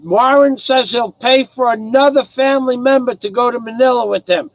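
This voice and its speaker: A man hosting a casual live stream from home, rambling as he reads out viewer names and thanks donors, his voice hoarse from singing. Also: very high voice, moderate pace, no room sound, low-quality recording. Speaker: livestream host.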